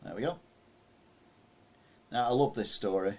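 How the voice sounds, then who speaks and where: In an unhurried, mid-range and slightly mellow voice, a UK man hosts a casual news podcast. While sharing his screen he reads out stories, rambling, chuckling and muttering asides to himself.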